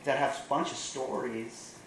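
A man's voice: medium pitch, moderate pace, echoey room, a little hiss or hum, rough recording. Man retelling a film in a sermon. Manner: animated retelling with wry asides. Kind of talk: sermon storytelling.

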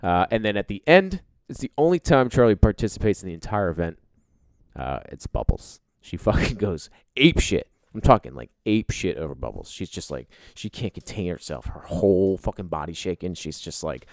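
A man's voice: low-pitched, lively intonation, a little fast, vocal fry, no echo. A man in his thirties telling a rambling, profane, sarcastic story in casual chat.

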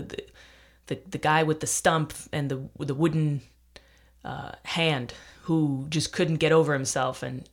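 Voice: mid-range voice, a bit bright. A stand-up comedian on a solo podcast, rambling casually and swearing freely, emphatic and self-deprecating, with frequent restarts.

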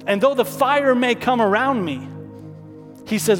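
A man's voice: very high-pitched, measured pace, pauses often. A man preaching a sermon as pastor, calling out to the congregation and repeating lines for emphasis. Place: church hall. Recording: long hall reverb, soft music behind.

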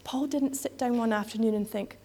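Chatty woman preaching, slightly high voice. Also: steady tone, a little fast, warm tone. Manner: conversational, with frequent fillers and restarts. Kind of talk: sermon.

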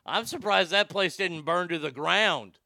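Snarky guy ranting on his show, high voice with a gravelly fry, crisp sound. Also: measured pace, bright, forceful tone, no room sound. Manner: sarcastic and profane, mocking. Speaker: host. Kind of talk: political commentary.

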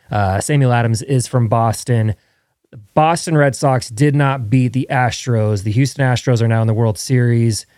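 A man's voice: medium pitch, darkish tone, dry recording, clean studio sound. A young man hosting his podcast from home, chatting casually and rambling with self-mocking jokes while streaming live. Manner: rambling and jokey, laughs at himself. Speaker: podcast host. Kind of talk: casual chat.

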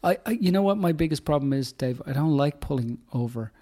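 A man's voice: on the high side, animated, brisk, warm tone. A man co-hosting a casual chat, rambling and searching for words, teasing his partner. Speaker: podcast co-host.

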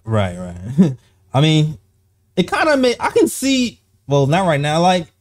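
A man's voice: fairly high pitch, huge pitch swings. Rambling male basketball show host. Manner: loose, rambling, quick to laugh. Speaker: podcast host. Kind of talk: casual basketball chat.

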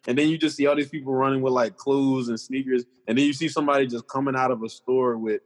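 A young man in casual group chat, telling animated, slangy, joking stories. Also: medium pitch, fast talker, few pauses. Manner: animated, slangy, jokey storytelling. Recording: long hall reverb.

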